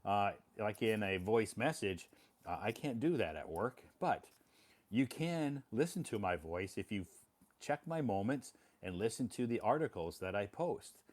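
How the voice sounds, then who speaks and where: A man's voice: lowish voice, sing-song, normal speed. A man explaining things to English learners in a casual spoken monologue, plain and repetitive, often apologizing.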